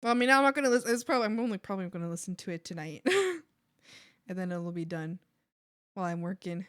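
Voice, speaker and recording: A woman's voice: medium pitch, sing-song, quick pace, smooth, no room sound, clean studio sound. A young adult woman streaming while she draws, chatting casually and gushing, sometimes squealing or whispering. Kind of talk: casual chat while drawing.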